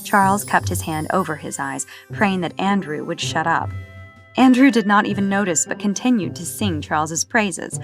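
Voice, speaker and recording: A woman reading novel narration in a steady storytelling manner. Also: mid-range voice, normal speed, faint music behind. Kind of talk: audiobook narration.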